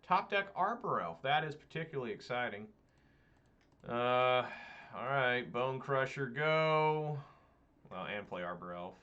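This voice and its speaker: A man's voice: medium pitch, big pitch swings, unhurried, pushed and bright, muffled recording. A man giving casual, chatty commentary while playing an online card game, swearing when the deck lets him down.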